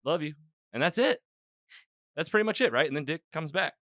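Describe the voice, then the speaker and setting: A man's voice: on the high side, big pitch swings, fairly quick, fairly bright tone, no room sound, studio quality. A man hosting a podcast, casually recapping an episode in a loose, rambling way and acting out the characters' lines. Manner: loose and rambling, acts out quoted lines, lots of "like". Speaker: podcast host. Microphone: own podcast microphone.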